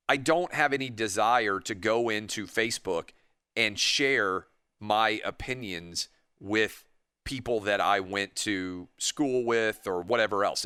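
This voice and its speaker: A man hosting a radio talk show, talking in a rambling, animated way and acting out imagined conversations. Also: on the low side, clean tone, dry recording, studio quality. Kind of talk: opinionated radio monologue. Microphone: studio microphone.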